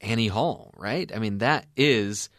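A man co-hosting a casual movie talk show, playful and animated when telling stories. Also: on the low side, unhurried, no room sound, clean studio sound. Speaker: co-host. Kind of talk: casual chat.

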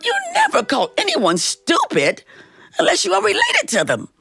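A woman's voice: very high-pitched, wildly swooping pitch, moderate pace, creaky, over music, pitched above the performer's own voice, heavily acted. A woman voicing a sassy, stern female fairy who scolds sharply, as in a told fairy tale. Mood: prim.

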